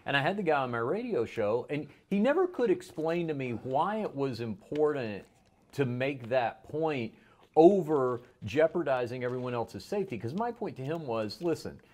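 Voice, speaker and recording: A man's voice: mid-range voice, big pitch swings, moderate pace, darkish tone. A man hosting a casual conversation, telling an anecdote and making a reasoned argument. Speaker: podcast host. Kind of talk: casual chat.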